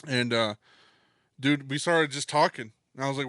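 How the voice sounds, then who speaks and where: A man's voice: medium pitch, fairly even intonation, fairly quick, a bit bright, clear, resonant tone, no echo, studio quality. Laid-back swearing podcast co-host man. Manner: laid-back, swears freely, many fillers. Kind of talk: casual chat.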